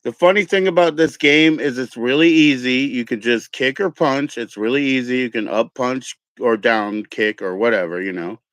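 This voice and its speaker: An easygoing man from California hosts a stream in a relaxed, rambling way, swearing now and then. His voice sits at an ordinary pitch and sounds dry, as if close to the mic. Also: moderate pace, few pauses, dry recording. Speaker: streamer host. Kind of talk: casual chat.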